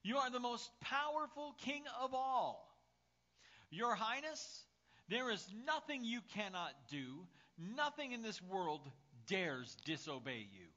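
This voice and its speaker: Fawning royal courtiers gush over their king in high, eager voices, put on by a male preacher. The tone is bright and lively. The recording sounds slightly muffled. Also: takes it slowly, heavily acted. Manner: high, gushing flattery.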